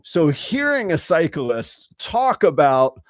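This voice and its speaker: A man co-hosting a podcast, telling stories in an animated, rambling way during casual chat. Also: a little high, slow pace, no room sound, clean studio sound. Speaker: podcast co-host.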